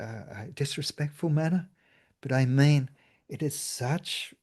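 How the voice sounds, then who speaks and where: Animated Australian man, dark voice. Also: mid-range voice. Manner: animated storyteller, bursts of laughter and put-on voices; soft, slow guided meditation voice. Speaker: meditation guide. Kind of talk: talk and guided meditation.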